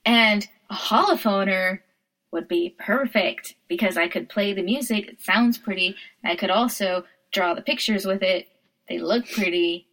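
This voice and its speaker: A woman's voice: medium pitch, unhurried, fairly bright tone. A woman co-hosting a casual podcast chat, playful and rambling, laughing often. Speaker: podcast co-host.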